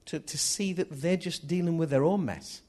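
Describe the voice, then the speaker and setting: A man's voice: fairly high pitch, moderate pace, a little mellow. A man preaching a sermon in an earnest manner, often repeating key phrases.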